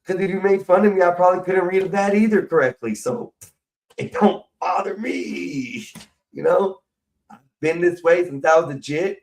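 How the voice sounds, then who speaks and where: A middle-aged American man ranting casually on a live stream, profane and rambling, his voice jumping between loud bursts and mumbles. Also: medium pitch, low-quality recording. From United States.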